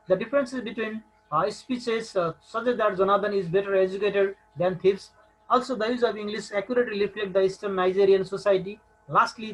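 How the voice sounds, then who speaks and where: A man's voice: sits high, fairly bright tone, rough recording. A man with a Nepali accent teaching a recorded English lesson, hesitant and full of filler sounds.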